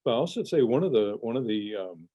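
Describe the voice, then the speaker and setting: An older man, a parenting expert, giving measured advice in an interview with frequent restarts and fillers. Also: mid-range voice, big pitch swings, dark tone, highs cut off.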